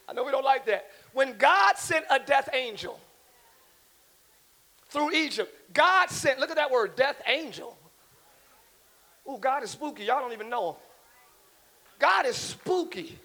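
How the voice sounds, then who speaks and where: A man preaching a live church sermon, swinging from quiet asides into shouting, calling on the congregation to repeat after him and joking with them. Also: very high-pitched, lively intonation, a little slow, pauses often. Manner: preaches with rising shouts and audience call-and-response. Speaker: pastor. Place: large church hall with congregation.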